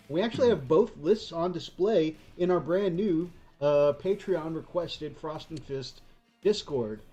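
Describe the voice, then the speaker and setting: A man hosting a casual livestream, relaxed, with lots of fillers, reading out chat comments. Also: a little high. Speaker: host.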